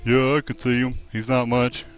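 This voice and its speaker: A man's voice: medium pitch, flat delivery, normal speed, faint music behind, close to an everyday voice. A man voicing a brash, drunken young soldier who taunts a man at a bar, in a mocking way, while playing a role-playing video game. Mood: taunting.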